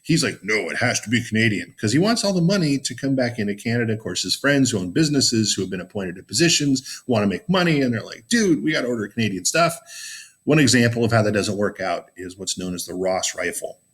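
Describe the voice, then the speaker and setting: A man's voice: fairly low pitch, animated, quick pace, few pauses, husky. A man giving an informal history lecture, chatty and loose, with many fillers and sarcastic asides. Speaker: teacher. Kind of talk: casual classroom lecture.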